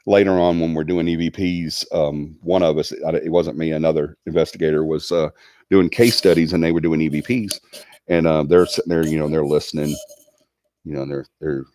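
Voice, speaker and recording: Southern guy rambling on his livestream, really deep voice, dry close sound. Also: steady tone, fairly quick, a little mellow, dry recording. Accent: Southern American. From Alabama. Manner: rambling, chatty, reads viewer comments aloud. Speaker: livestream host. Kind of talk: casual livestream chat.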